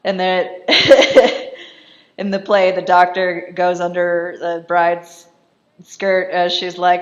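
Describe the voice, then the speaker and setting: Here a woman speaks at a fairly low pitch with flat delivery, and the recording is muffled. Chatting casually about a film, she laughs a lot and slips into quick voices to act out quotes from the characters.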